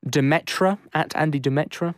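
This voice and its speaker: A man's voice: fairly high pitch, a little fast, no room sound, studio quality. A man with an English accent, co-hosting a casual sports podcast, chatty with lots of fillers and restarts. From England. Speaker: podcast co-host.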